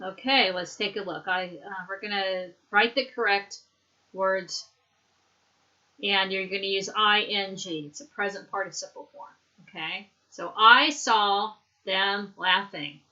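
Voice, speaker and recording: A woman teaching an English lesson, modeling words slowly and clearly for students to repeat. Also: medium pitch, steady tone, sharp tone. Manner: slow, clear drilling with modeled pronunciation. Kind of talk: recorded online language lesson. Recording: dull lo-fi recording.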